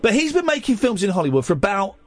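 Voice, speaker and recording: Animated, teasing late-night radio host. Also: male voice, sits high, quick pace, faint music behind. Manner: animated, teasing, talks over callers. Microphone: studio microphone.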